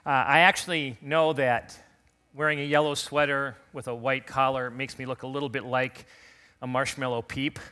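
A man's voice: medium pitch, level tone, normal speed, bright, forceful tone, clear, resonant tone. A man pastor giving an Easter sermon in a church, talking conversationally and leading the congregation in call-and-response after a recent illness. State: recovering from illness. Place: church sanctuary.

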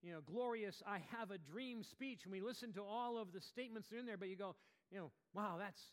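A male pastor with a voice pitched a little above most men's, delivering a sermon in a conversational way. He stumbles and restarts, drops in casual asides, then builds into forceful, emphatic stretches. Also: fast talker, big-room sound. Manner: animated, rises to emphatic bursts.

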